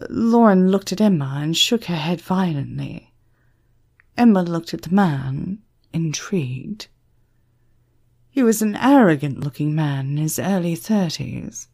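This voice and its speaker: A woman narrating an audiobook in an expressive, measured storytelling manner. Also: lowish voice, creaky.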